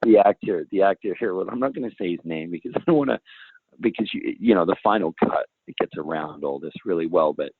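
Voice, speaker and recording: Deep, husky man on a thin line. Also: lively intonation, fast talker, no echo. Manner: rambling, self-interrupting, laughs along. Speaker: interview guest. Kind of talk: casual storytelling in an interview. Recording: phone-like, dry call audio.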